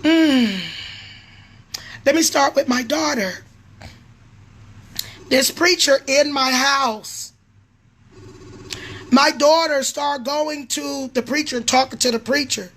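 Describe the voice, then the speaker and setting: This middle-aged prophetess and pastor vents her rage on a livestream, cursing, going over the same points again and again, and sometimes shouting. She speaks slowly in a high voice, leaving long pauses.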